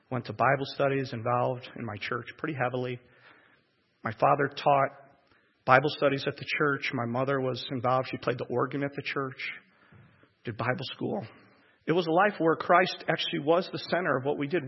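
Gravelly man telling a personal testimony. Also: medium pitch. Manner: emotional, halting storytelling with repeated words. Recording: echoey hall, dull lo-fi sound.

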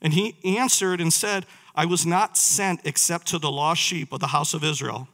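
A man's voice: fairly high pitch, steady tone, moderate pace, fairly bright tone. A man preaching a sermon, reading scripture aloud and putting questions to his listeners. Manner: reads verses aloud, asks the listeners questions.

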